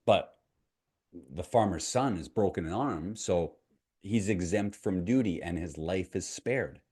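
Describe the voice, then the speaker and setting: A man's voice: sits low, measured pace, darkish tone, slightly rough. A middle-aged Canadian man, a mindset coach, telling a parable and personal story in a conversational, motivational way to camera. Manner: conversational, asks the viewer questions, retells a parable.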